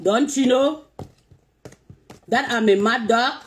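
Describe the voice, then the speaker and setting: Lady going off at commenters, slow and drawn out, kinda high voice, keeps asking the same thing over and over. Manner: confrontational, repetitive taunting questions. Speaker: social media vlogger reading comments. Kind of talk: ranting live-stream talk.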